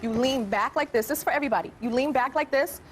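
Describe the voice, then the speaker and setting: A woman hosting a television talk show, animated and teasing, laughing often and joking with her guest. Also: sits high, quick pace. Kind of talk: playful talk show banter. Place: TV studio with live audience. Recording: noisy studio audience.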